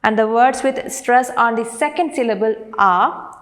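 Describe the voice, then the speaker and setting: Patient woman teacher, slightly high voice. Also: a bit bright. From India. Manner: patient, explains step by step, reads words out slowly. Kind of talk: recorded online class lesson.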